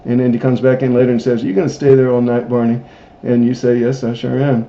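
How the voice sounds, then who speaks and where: A man voicing a calm, slow-talking small-town sheriff in a deep, drawling voice. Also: lightly acted. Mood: patient recounting. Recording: roomy, dull lo-fi recording.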